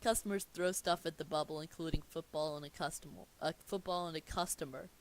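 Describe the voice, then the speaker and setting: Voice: mid-range voice, fairly even intonation, a little fast. A person casually reading a cartoon script aloud, rambling and commenting on their own slips. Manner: rambling, laughing asides, self-commentary. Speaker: script reader.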